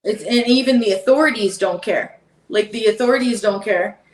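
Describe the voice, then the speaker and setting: A woman's voice: fairly high pitch, moderate pace. A woman talking as a guest on a podcast, emphatic and heated, repeating her points. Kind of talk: casual podcast chat. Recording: echoey room, distant from mic.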